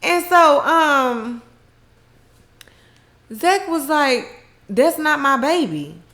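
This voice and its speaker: A woman's voice: high voice, animated, extremely slow, fairly bright tone. A woman casually recapping a TV episode, retelling scenes in her own words with slang and frequent laughter. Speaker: recap host.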